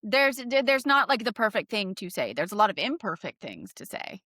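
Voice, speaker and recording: A woman's voice: mid-range voice, very animated, moderate pace, sharp tone, dry recording, studio quality. A woman who is a guest on a podcast, reacting expressively in casual chat.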